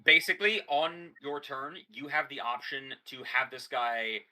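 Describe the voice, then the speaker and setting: A man's voice: mid-range voice, fairly even intonation, a little slow, sharp tone, a little hiss or hum. A man acting as game master, thinking aloud and explaining rules and options to his players. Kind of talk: narrating and ruling a tabletop game.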